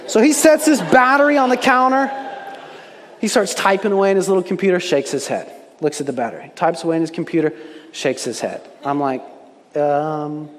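High-voiced man preaching in a reverberant hall. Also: fairly quick, slight background noise. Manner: storytelling, animated, acts out quoted voices. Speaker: pastor. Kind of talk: sermon.

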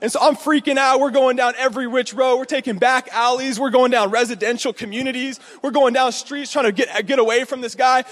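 A male pastor with a very high voice preaches with lively energy and acts out each character in his story. His voice carries a long hall reverb. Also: brisk, few pauses. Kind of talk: sermon.

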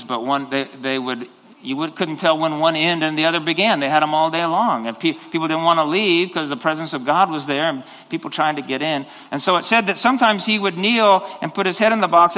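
A man's voice: fairly high pitch, pushed and bright. A man preaching a sermon as pastor, rambling with restarts and then rising into sudden passionate bursts. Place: church sanctuary. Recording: long hall reverb.

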